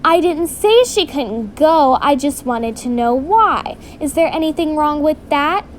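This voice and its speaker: A woman's voice: sits high, expressive, a little slow, a little hiss or hum. A woman voicing an irritable mother who huffs and questions suspiciously. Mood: huffy. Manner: huffy, suspicious.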